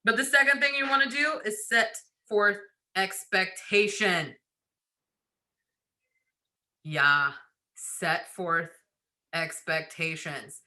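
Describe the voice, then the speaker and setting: A woman's voice: lowish voice, pushed and bright. A woman giving a casual sales training, chatty and laughing, acting out quoted lines. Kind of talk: casual recruiting training talk.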